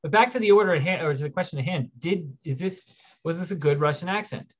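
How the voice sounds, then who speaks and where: A man's voice: fairly high pitch, quick pace, slightly rough. A man hosting a casual livestream, rambling as he reads viewer questions aloud and answers them. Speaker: livestream host. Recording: dull lo-fi stream audio.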